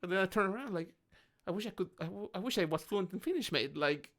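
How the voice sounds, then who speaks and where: A man's voice: high-pitched, quick pace. A man from Mexico with a Mexican accent, co-hosting a casual podcast chat over drinks and acting out the people in his stories. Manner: animated storytelling, acting out quoted people. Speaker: podcast co-host.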